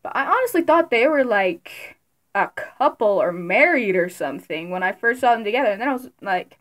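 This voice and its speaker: A young woman vlogging casually about her favorite creators, giggly and excitable, with sudden loud bursts. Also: on the high side, brisk. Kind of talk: casual fan commentary.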